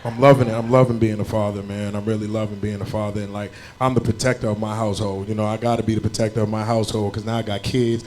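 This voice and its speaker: A young man from New Jersey doing a stand-up comedy set, an animated storyteller who jumps into loud shouted bits. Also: on the low side, quick pace, hardly any pauses, slight background noise. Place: comedy club stage with audience laughter.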